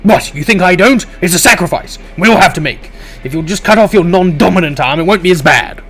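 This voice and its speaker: A loud, reckless monster boy, as a man puts him on, blustering in a fast, pushy way with a lively, rising voice. He sounds greedy and sure of himself. Faint music plays underneath. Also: high voice.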